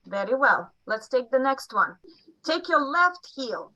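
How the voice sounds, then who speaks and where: A woman teaching a group, giving slow and careful instructions and repeating each phrase for them. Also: sits high, big pitch swings, bright, forceful tone, poor audio. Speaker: neurology instructor.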